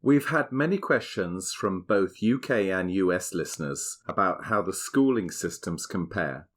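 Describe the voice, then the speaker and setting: Host, middle-aged man, lowish voice, reads a prepared script in a measured way. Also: expressive, soft background music. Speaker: podcast host. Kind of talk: scripted podcast narration and family chat.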